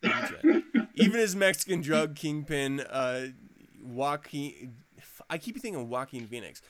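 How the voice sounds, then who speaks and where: A man's voice: fairly high pitch, lively intonation, unhurried, a bit bright. A man hosting a podcast in casual chat, ranting profanely and laughing often. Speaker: podcast host.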